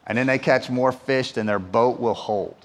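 A man preaches a sermon as pastor in a church hall, with long hall reverb on the recording. His medium-pitched voice moves at normal speed, and he's chatty and repetitive, repeating words and asking the room "right?"

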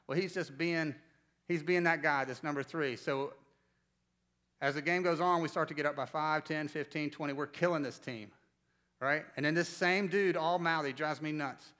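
Animated preacher man, bright and forceful. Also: on the high side, normal speed. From North Carolina, US. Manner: conversational storytelling, animated, asks the congregation questions. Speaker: pastor. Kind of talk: sermon.

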